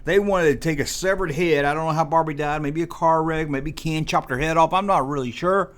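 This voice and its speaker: A man's voice: on the high side, fairly quick, a bit bright. A man in his forties hosting a comedic rant, sarcastic and full of mock exasperation. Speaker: host.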